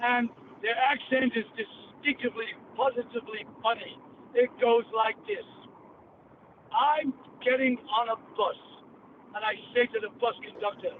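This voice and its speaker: Brash Cockney podcast host. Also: male voice, very high voice, steady tone, moderate pace. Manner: brash, profane storyteller. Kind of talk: rambling podcast monologue. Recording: tinny phone-like line, faint hiss.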